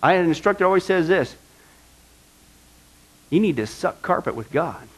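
A man's voice: high-pitched, lively intonation, moderate pace, fairly bright tone, rough recording. A male pastor preaching a sermon, asking the congregation rhetorical questions and acting out the complaints of the people he quotes.

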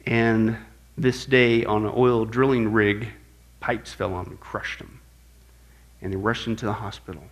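A man preaching an apologetics lesson in an animated way, dropping low for stories and rising loud for quoted voices. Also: unhurried. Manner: animated, shifts between loud quoted outbursts and low hushed storytelling. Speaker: pastor teaching apologetics. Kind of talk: sermon-style teaching.

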